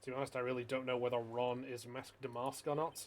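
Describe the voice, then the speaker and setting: A man voicing a young defense lawyer in a video game in a calm, measured reading. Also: medium pitch, close to an everyday voice. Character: level-headed young male defense lawyer.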